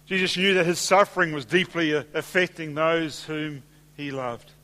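A man delivers a sermon from the pulpit in a fairly high voice, steady and deliberate. He eases into softer, slower phrasing when quoting scripture. The sound carries a long church-hall reverb. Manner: measured preaching, slowing and softening for scripture quotes. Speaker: pastor.

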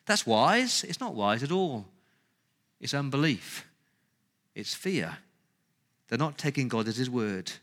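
A man's voice: medium pitch, bright, forceful tone. A man preaching a sermon as pastor, emphatic, with rhetorical questions and repeated phrases.

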